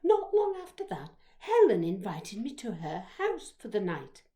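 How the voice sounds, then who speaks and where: In a mid-range voice and at a slightly slow pace, a woman storyteller reads her childhood memoir. She's expressive, going from hushed whispers to loud exclamations.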